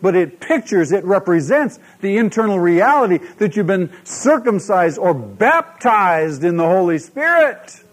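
Male pastor, high voice, lively sermon delivery with call-and-response questions. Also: a little slow, hardly any pauses. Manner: animated preaching, asks the congregation questions.

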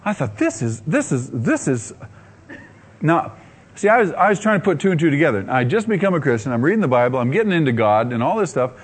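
Male preacher, somewhat high voice, lively swooping delivery, acts out his own thoughts. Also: fast, breathy edge. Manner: laughs often while telling. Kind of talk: sermon testimony storytelling.

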